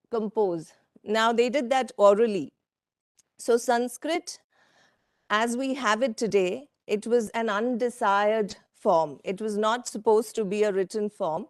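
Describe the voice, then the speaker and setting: A woman giving a workshop presentation from slides, speaking in a measured way with frequent fillers and asides to the audience. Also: a little high, dry recording, studio quality. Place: conference room.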